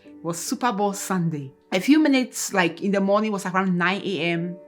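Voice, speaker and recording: A woman's voice: medium pitch, normal speed, soft background music. A woman from Ghana, tearfully sharing an earnest, emotional personal testimony as co-host of a Christian couple's channel. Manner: earnest and emotional, reliving events in detail.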